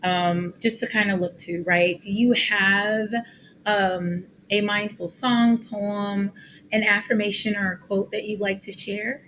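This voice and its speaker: A woman's voice: medium pitch, fairly even intonation, measured pace, a little hiss or hum. A woman hosting a podcast interview, chatty and affirming, often saying "um" as she frames questions and thanks her guest. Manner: warm affirming, chatty, many fillers. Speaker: podcast host.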